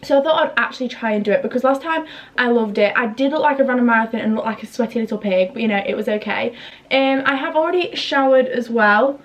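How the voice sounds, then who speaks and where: A young woman chats through a casual home vlog, rambling into little story times and poking fun at herself. Her voice sits a touch high. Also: fast talker. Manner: chatty, self-mocking, rambling story times. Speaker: vlogger. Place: her bedroom and kitchen at home.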